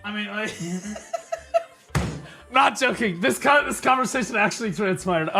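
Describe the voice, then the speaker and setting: A man chatting casually on a live stream, in a bright, forceful voice. He rambles and restarts his sentences, then breaks out into excited shouting. Faint music plays behind him. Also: high voice, unhurried. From United States.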